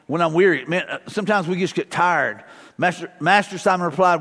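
Long church-hall reverb surrounds a middle-aged pastor as he preaches in the sanctuary, relaxed and conversational, mixing family stories and repeated short prayers. His high-pitched voice is fairly bright and fairly quick.

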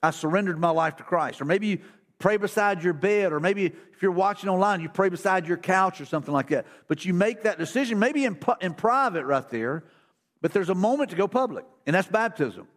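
A man's voice: high-pitched, expressive, brisk. A man preaching a casual, conversational sermon as pastor in a church, with folksy repetitions and restarts. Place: church sanctuary.

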